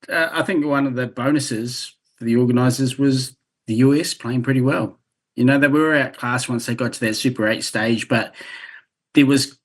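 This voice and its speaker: A man with a New Zealand accent, a guest on a podcast, talking things through in a thoughtful, wry, rambling way. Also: medium pitch. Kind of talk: casual chat.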